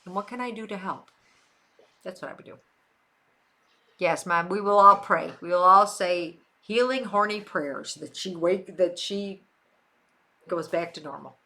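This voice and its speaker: An older woman hosting a livestream from Western New York speaks unhurriedly and pauses often, her lowish voice bright and forceful. She answers viewers casually and repeats phrases to emphasize them.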